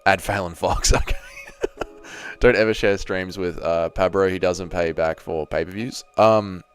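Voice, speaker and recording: An Australian man hosts a laid-back livestream, bantering crudely, swearing a lot, and reading his chat aloud. His voice is low, smooth, and unhurried with fairly even intonation, and soft music plays in the background.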